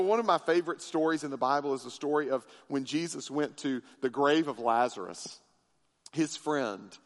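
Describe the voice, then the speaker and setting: A high-pitched man delivers an impassioned sermon, rising loud and high for emphasis, then dropping low and soft. His voice rings with the long reverb of a large church sanctuary. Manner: impassioned preaching with big swings in pitch and loudness. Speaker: pastor.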